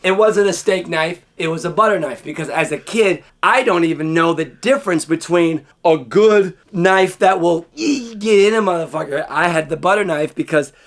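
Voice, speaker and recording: A man telling a childhood story in a casual, profane way, acting out scenes with sudden shouts and hushed asides. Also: fairly high pitch, moderate pace, few pauses.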